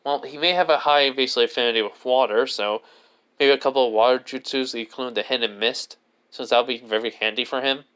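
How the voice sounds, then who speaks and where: A man's voice: mid-range voice, quick pace, a bit bright, clean tone, lightly acted. A man playing a wary swordsman sizing things up. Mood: resigned. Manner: rambling, with fillers and restarts.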